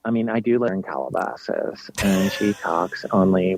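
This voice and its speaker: A man's voice: deep voice, moderate pace, darkish tone, a little hiss or hum. A middle-aged man from New York, chatting as a podcast guest, self-deprecating and full of fillers and restarts. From United States, New York. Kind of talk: casual interview chat. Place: at home.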